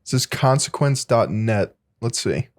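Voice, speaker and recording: A man's voice: mid-range voice, animated, measured pace. A man co-hosting a podcast in casual chat, adding short reactions and dry quips. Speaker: podcast co-host.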